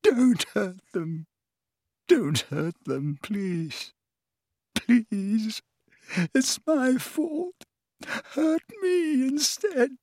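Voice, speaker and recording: A man voicing an anguished old male wizard in an audiobook, pleading slowly in a high, trembling, breathy voice that at times drops to a whisper. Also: expressive, a little mellow, dry recording, clean studio sound, exaggerated voice. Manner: slow, broken pleading.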